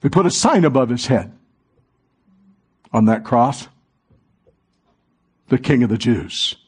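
A man preaching a sermon in a dramatic way, moving from hushed passages to rising fervor. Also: mid-range voice, animated, slow, husky.

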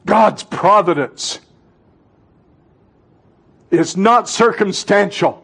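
A man in his sixties preaching a sermon to a congregation in a church, impassioned, swinging between fervent outbursts and hushed, intimate moments. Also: high voice, very slow, creaky, slightly rough. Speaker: pastor.

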